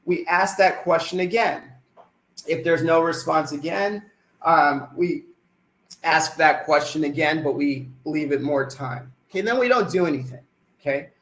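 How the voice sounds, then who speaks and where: A man leads a sales presentation for a live online audience, frequently posing questions and then answering them himself. His voice is a little high for a man and a bit bright, his pace unhurried, and the audio has a noticeable room echo.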